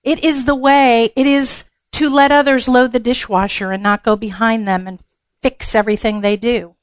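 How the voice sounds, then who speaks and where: A woman preaches to a gathering of women in a frank, down-to-earth way, with blunt humor. Her voice sits a little high. The sound is dry and close. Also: little pitch movement, normal speed, dry recording. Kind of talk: conversational sermon.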